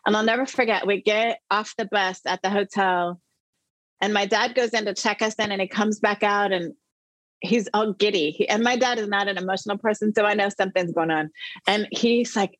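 A middle-aged woman, an interview guest, telling a personal story with animated emphasis. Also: medium pitch, moderate pace, dry recording. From the Netherlands.

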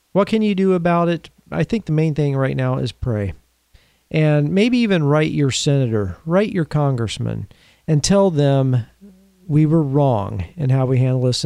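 Male commentator, slightly higher voice, mellow tone, emphatic and earnest, slows down for emphasis, dry close sound. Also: creaky, dry recording. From United States. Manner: asks the listener rhetorical questions. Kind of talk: opinion commentary.

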